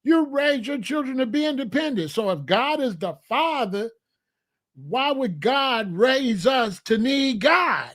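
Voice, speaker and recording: A man's voice: very high voice, animated, measured pace, a bit bright. A man hosting a comedic monologue, preachy and full of rhetorical questions. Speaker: comedian host.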